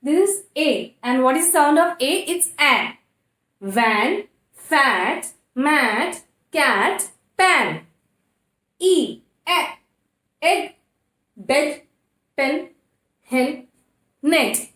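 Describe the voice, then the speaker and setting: A woman's voice: sits high, expressive, fairly bright tone. A woman with an Indian English accent teaching a kindergarten phonics lesson, spelling words out letter by letter and answering her own questions. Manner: slow, spells letters one by one, asks and answers herself. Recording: echoey room.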